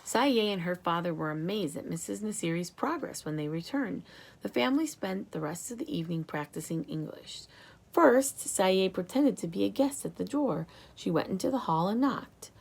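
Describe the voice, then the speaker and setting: Woman narrating a children's book, expressive, lively pitch, gravelly, husky. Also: normal speed. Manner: expressive storytelling. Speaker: audiobook reader.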